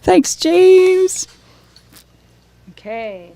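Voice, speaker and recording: A woman's voice: very high-pitched, lively intonation, very slow, gravelly, mellow. A woman singer-songwriter chatting onstage between songs at a live concert, losing and finding her train of thought. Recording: live concert recording with music underneath. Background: guitar playing.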